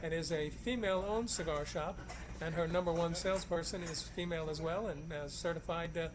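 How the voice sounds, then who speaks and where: A man's voice: a little high, fairly quick, background noise. A man presenting a regular segment from a crowded cigar shop, folksy and chatty with many fillers. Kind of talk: casual joke-telling segment. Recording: busy shop background chatter. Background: crowd of customers.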